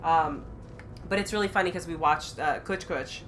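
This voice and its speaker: A woman co-hosts a game stream in relaxed, casual chat, rambling and restarting her sentences as she goes. Her voice sits fairly low, with a bright, forceful edge. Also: moderate pace, slight background noise. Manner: rambling, self-interrupting. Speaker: stream co-host.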